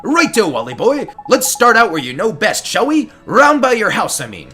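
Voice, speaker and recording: A cheeky fairy sidekick. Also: male voice, high-pitched, huge pitch swings, moderate pace, bright, forceful tone, faint music behind, heavily acted. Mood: chummy. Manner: cheerful, colloquial, calls people "boy". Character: chatty little male fairy companion, cheeky. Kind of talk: video game voice acting.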